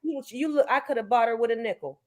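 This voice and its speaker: A woman's voice: on the high side, fast talker. A woman telling a story animatedly in casual talk-show chat, acting out what people said. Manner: animated storyteller, acts out quotes.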